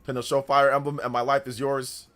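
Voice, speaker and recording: A man's voice: mid-range voice, fast talker, faint music behind. A man hosting a live stream, chatting casually, reading out chat messages and thanking viewers, often laughing. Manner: animated, reads chat aloud, laughs often. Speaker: livestream host.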